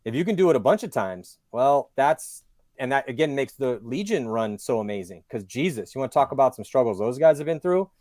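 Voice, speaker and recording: A man's voice: mid-range voice, a little fast, dry recording, clean studio sound. A man who is a guest on a podcast, talking at length in casual chat, telling stories and making his points with animation. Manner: long-winded, animated storyteller.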